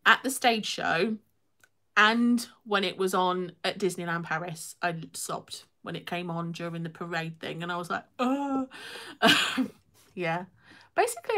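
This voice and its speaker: A woman's voice: mid-range voice, fairly bright tone. A young woman hosting a casual live stream, chatting and reading comments, laughing often and poking fun at herself.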